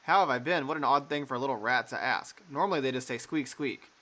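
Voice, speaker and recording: A man's voice: medium pitch, fast, bright, forceful tone, lightly acted. A man voicing a cruel, unhinged young woman who taunts her brother in a game. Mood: taunting. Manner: taunting, mocking.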